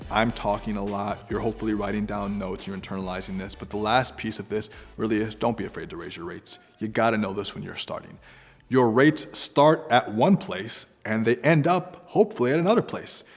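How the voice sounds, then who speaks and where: A man giving freelancing advice straight to the camera, talking in a direct, conversational way that turns animated. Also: on the low side, fast, in a large hall. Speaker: entrepreneur guest giving advice.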